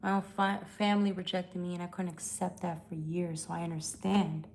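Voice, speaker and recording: A woman's voice: fairly low pitch, little pitch movement, moderate pace, a little mellow, a little hiss or hum. A woman hosting a live tarot stream, talking bluntly and swearing as she calls out viewers. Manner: blunt, profane, confrontational. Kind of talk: casual live-stream chat. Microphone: phone.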